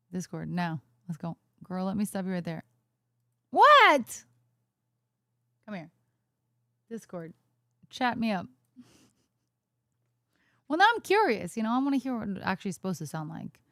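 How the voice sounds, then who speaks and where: A woman's voice: medium pitch, animated, gravelly, no echo, clean studio sound. A woman livestreaming, chatting casually with a friend on a call and reading chat messages aloud. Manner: chatty, reads chat aloud, quick asides. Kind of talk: casual chat on a live stream.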